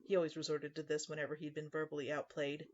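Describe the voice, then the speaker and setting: A man's voice: a little high, monotone, fast, dull audio. A man narrating a scripted first-person horror story in a dry, sarcastic tone.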